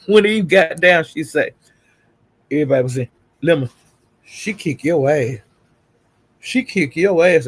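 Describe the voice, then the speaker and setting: Male livestream host, gravelly, sassy gossip chat, dry close mic. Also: on the high side, dry recording. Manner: gossipy, greets viewers in chat, calls them honey and child. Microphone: streaming setup.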